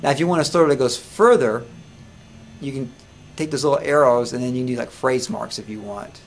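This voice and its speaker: A man demonstrates music notation software to a room of students, talking loosely and stopping to ask them questions. His voice sits at an ordinary middle pitch, with a faint hiss of noise behind it. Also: gravelly. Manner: casual, halting, asks students questions. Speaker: music teacher. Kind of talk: live classroom software demo.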